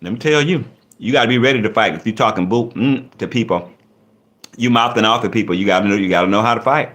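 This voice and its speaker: A man's voice: fairly low pitch, quick pace. A man hosting a casual livestream, reading out chat comments and joking back with viewers. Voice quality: lively, animated delivery. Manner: reads chat comments aloud and riffs on them; playful, laughing, teasing.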